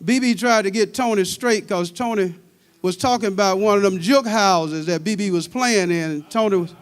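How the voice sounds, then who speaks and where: A man's voice: high voice, moderate pace, clear, resonant tone. A man emceeing a panel, teasing and introducing a drummer in a playful way. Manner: playful, teasing, repeats himself. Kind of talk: introducing and bantering on stage. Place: university symposium stage.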